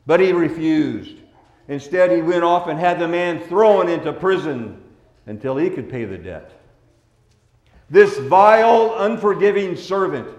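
Man, pastor, sermon, slow deliberate delivery, hushed-to-loud swings, echoey sanctuary. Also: a little high. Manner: preaching with wide swings between hushed and loud.

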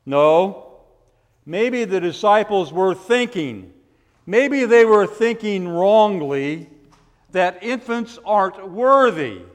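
Slow high-voiced preacher in a reverberant hall. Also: male voice. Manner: preaching with rising emphasis and rhetorical questions. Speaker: pastor. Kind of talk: sermon.

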